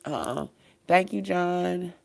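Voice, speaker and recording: A woman in her thirties hosting a livestream while grieving, halting with many pauses as she reads viewer comments, near tears. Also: on the low side, gravelly. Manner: halting, many ums, swears, faith talk. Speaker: livestream host.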